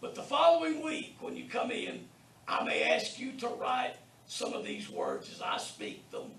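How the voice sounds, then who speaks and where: Slow, gravelly man teaching in a classroom. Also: very high voice, wildly swooping pitch, fairly bright tone. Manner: slow, deliberate, pronounces words for students to repeat. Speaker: Bible college Greek teacher. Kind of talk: classroom lecture. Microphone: distant room mic. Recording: echoey classroom from far off, faint hiss.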